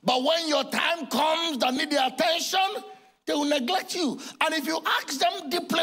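A man in his sixties with a Nigerian accent, preaching a sermon in a church and acting out dialogue with bursts of shouting. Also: extremely high pitch, moderate pace. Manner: animated storytelling, acting out dialogue, often shouting. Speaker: pastor.

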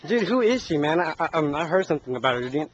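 A man's voice: on the high side, big pitch swings, very fast. Playful young man filming a backyard camcorder video. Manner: teasing, playful, says "dude" a lot. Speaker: person filming a home video. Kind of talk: casual home-video chatter. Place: backyard with a trampoline, outdoors. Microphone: handheld camcorder mic. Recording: muffled camcorder audio with background noise.

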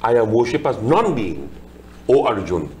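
Pandit explaining scripture. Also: male voice, mid-range voice, big pitch swings, moderate pace, darkish tone. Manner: explanatory, chants verses then translates line by line. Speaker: Hindu pandit discussing scripture. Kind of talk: religious discussion, reciting Sanskrit verses.

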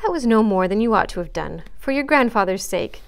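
A frank, observant young woman from a classic storybook speaks her mind to a friend, read aloud by a woman. She is earnest and gently scolding, kind underneath but unwilling to let him off easily. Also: mid-range voice, expressive, fairly quick, clear, resonant tone, close to an everyday voice. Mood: lecturing.

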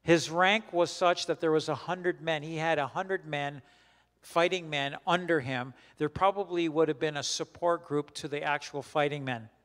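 A man leading a Bible study as a pastor, teaching in a conversational, halting way with many restarts and questions put to the group. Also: on the high side, steady tone, fairly bright tone, big-room sound. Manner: questions the group and repeats their answers.

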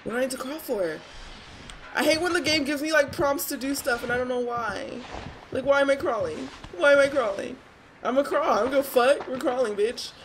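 A young woman giving casual, swear-filled commentary while playing a horror game and talking to her viewers, jumpy and quick to shriek. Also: sits high, a little hiss or hum. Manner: chatty, swears a lot, talks to viewers; jumpy, shrieks when startled. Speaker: gaming streamer.

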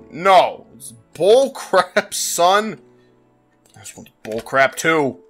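Exasperated high-voiced gamer man. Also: very animated, extremely slow, pauses often, fairly bright tone, faint music behind. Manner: exasperated, exclaiming, frequent laughs and sighs. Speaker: gaming channel host. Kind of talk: let's play commentary.

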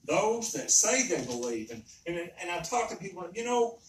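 A man's voice: sits high, very animated, moderate pace. Male preacher, emphatic and repetitive, distant mic in a roomy church with faint background hiss. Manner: earnest, emphatic, repeats himself. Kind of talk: sermon. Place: church sanctuary. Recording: roomy echo, speaker far from mic.

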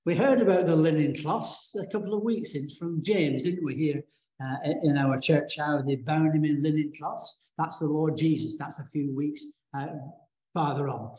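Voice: mid-range voice, normal speed, a little mellow. A preacher retelling a Bible story in a casual, colloquial sermon, with many fillers and restarts, in a church. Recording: echoey church room.

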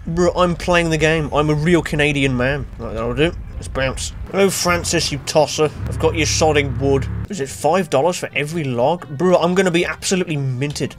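A man's voice: mid-range voice, a little fast, few pauses, slight background noise. A young British man giving sarcastic, sweary commentary on his gameplay, talking back to the game and breaking into shrieks and laughter. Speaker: gaming YouTuber.

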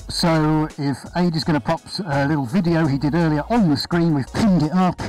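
A man with a slightly high voice chats through a live painting stream in his studio, upbeat and friendly as he greets viewers by name. Soft music plays faintly in the background. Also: fairly quick, poor audio. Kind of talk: casual live-stream chat. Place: art studio, indoors. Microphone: body-worn chest camera.

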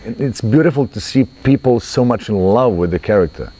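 A man's voice: lowish voice, lively intonation, a little fast, dark tone. A man speaking earnestly in an interview. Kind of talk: casual interview talk.

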